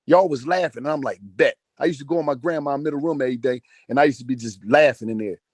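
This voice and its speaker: Fast-talking man in his forties ranting. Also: medium pitch, darkish tone, no room sound. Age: 40s. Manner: emphatic, heavy swearing, repeats phrases. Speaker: speaker in a group audio call. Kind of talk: profane motivational rant. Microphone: phone on an audio call.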